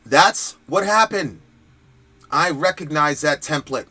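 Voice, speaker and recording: A man's voice: fairly high pitch, expressive, takes it slowly, pushed and bright, husky. A man hosting a political commentary stream, talking in a heated, emphatic and profane way. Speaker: host.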